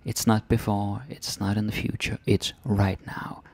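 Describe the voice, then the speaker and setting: A man with a Danish accent teaching Danish grammar in English, chatty, with "ikke?" tags and sudden soft whispers. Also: on the low side, level tone, a little slow, creaky. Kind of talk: explaining grammar to learners.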